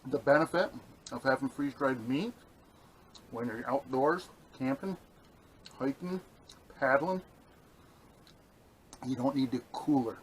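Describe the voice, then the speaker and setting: Out at a campsite, a New York state man vlogs about the meal he's cooking, eating as he talks in a rambling, enthusiastic review. He speaks at medium pitch, a little slowly, with long pauses, and the low-quality recording carries some hiss or hum.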